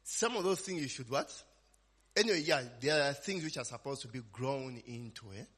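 Male preacher, husky, chatty, peppers his lines with "eh?" and "amen?", long reverb. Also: medium pitch, normal speed, fairly bright tone. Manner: conversational, frequent "eh?" and "amen?" tags, call-and-response questions. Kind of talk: informal sermon.

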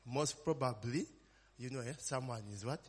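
A man with a husky, medium-pitched voice preaches an informal sermon at normal speed. He's conversational, frequently tagging lines with "eh?" and "amen?" and asking the congregation call-and-response questions, all under long reverb.

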